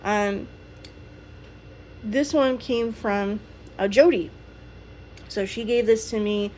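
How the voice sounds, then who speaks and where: A woman's voice: mid-range voice, takes it slowly, a little mellow. Lady chatting about her toys, lots of ums and giggles, bit of hiss behind. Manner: chatty and rambling, frequent ums and little laughs. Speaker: toy collector vlogger. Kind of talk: casual show-and-tell chat.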